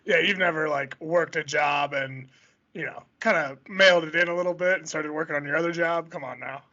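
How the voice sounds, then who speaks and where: A man co-hosting a sports podcast in casual chat, with blunt, wry asides. His voice is very bright and sharp, and a touch higher than most. The audio sounds slightly dull. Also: brisk. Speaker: podcast co-host.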